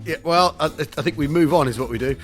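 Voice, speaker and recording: A man co-hosting a comic history podcast, jokey and theatrical with quick asides. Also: fairly high pitch, soft background music. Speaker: podcast co-host.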